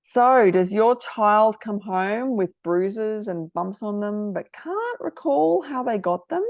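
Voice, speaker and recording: This is a middle-aged woman hosting a casual talk for parents, earnest and heartfelt. Her voice carries a gravelly fry. The sound is dry and close, with no room around it. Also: mid-range voice, expressive, slow, dry recording. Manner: earnest, gets emotional, warm advice. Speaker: host.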